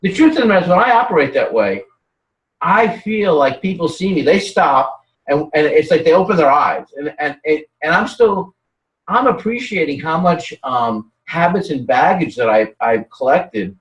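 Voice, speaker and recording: A man with a slightly high voice, speaking at a moderate pace, is a guest in a casual conversation, telling rambling, animated stories and restarting again and again. The audio has its highs cut off and sounds roomy, with the speaker distant from the mic.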